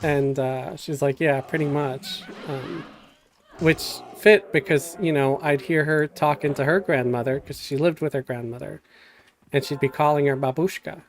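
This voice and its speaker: A man's voice: fairly high pitch, steady tone, moderate pace, a little hiss or hum. A middle-aged man casually telling a rambling story while streaming a game, with many fillers and restarts.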